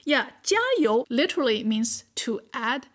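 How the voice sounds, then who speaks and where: Woman explaining patiently, fairly high voice. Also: a little slow. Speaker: guest expert. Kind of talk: explaining a language term.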